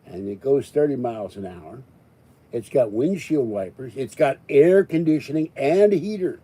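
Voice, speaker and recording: A man's voice: mid-range voice, lively intonation, normal speed, warm tone, breathy edge. A man hosting a live stream, rambling and joking as he chats. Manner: joking, rambling, chuckling often.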